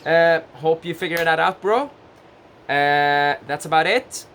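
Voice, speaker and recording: A man giving gentle, casual advice straight to the camera, full of fillers and restarts. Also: fairly high pitch, measured pace, a little hiss or hum. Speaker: advice vlogger.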